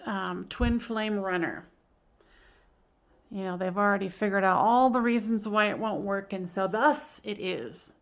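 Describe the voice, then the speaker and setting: Woman, tarot reader, casual and giggly, loose delivery full of fillers. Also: medium pitch. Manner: chatty, giggly, many fillers and restarts. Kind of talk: casual spoken tarot reading.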